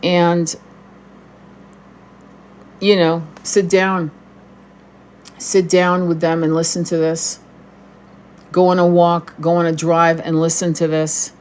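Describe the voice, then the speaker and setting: A woman's voice: fairly low pitch, level tone, slow, pauses often, darkish tone. A middle-aged woman, a tarot reader and spiritual guide, ranting angrily on a livestream and swearing often at her viewers. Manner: angry, profane and confrontational.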